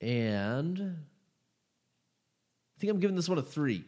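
A man's voice: fairly high pitch, very animated, takes it slowly, dark tone. A young man co-hosting a podcast in laid-back, easygoing casual chat. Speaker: podcast co-host.

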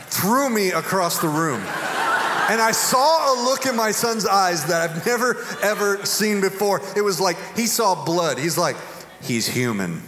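A man's voice: high voice, background noise. A middle-aged man preaching a sermon as a pastor, mixing humorous storytelling with earnest preaching. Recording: echoey hall with long reverb.

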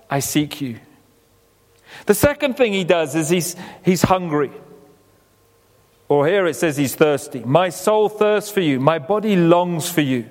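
A man preaches a sermon in a high, light voice. He talks conversationally, slipping into quoted voices and sinking low and soft to make a point. His words ring out with the long reverb of a church hall. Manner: conversational, acts out quoted voices, drops low and quiet for emphasis.

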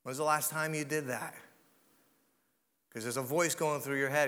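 Casting: male pastor, high bright voice, sermon in a long-echo hall. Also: fast. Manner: dramatic, drops to a hush for emphasis.

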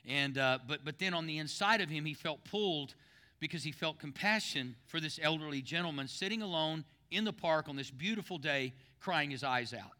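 Guy preaching, bright voice, kinda high, tells jokes, repeats himself. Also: expressive, normal speed. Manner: storytelling, jokey, repeats words, builds to emphatic reading. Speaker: pastor. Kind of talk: sermon with a joke story.

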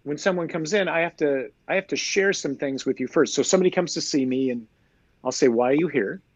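A man who is a priest, explaining his faith in a lively conversational way, full of rhetorical questions. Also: a little high, brisk, no room sound, highs cut off. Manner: animated storyteller, rhetorical questions. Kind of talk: conversational teaching.

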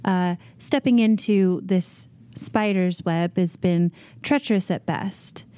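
A woman's voice: on the low side, slow, warm tone. A woman player in a tabletop game, speaking in character in a poised, courtly way. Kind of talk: in-character tabletop role-play.

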